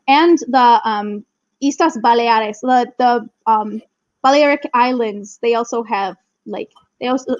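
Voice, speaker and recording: A woman's voice: a little high, no echo, muffled recording. A young woman chatting as a guest on a podcast, enthusiastic and full of "like" fillers. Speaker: guest, Spanish teacher. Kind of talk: casual podcast chat.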